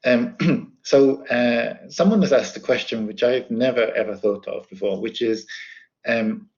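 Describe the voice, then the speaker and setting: A man interviewing a guest, asking questions hesitantly with many fillers and pauses. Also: mid-range voice, darkish tone, dull audio. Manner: hesitant, fillers and throat clearing. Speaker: interviewer, academic.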